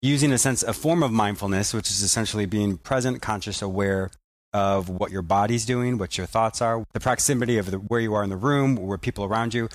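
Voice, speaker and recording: A man's voice: fairly low pitch, a little fast, no echo. A man hosting a conversation, thinking aloud through his points with frequent restarts. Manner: reflective, explains in searching restarts. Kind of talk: conversational interview.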